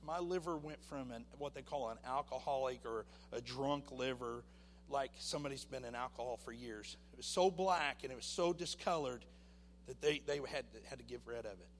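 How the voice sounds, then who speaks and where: A man giving a personal testimony at church, telling his story with lively acted-out voices. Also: medium pitch, normal speed, long reverb tail, slight background noise. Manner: animated storytelling, acting out voices.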